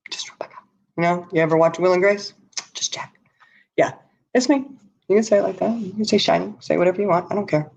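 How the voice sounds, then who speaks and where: A woman's voice: fairly low pitch, fast talker, creaky. Blunt, tired woman streamer. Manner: blunt, animated, reads and answers chat. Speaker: livestream host. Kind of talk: casual livestream chat. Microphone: laptop or webcam.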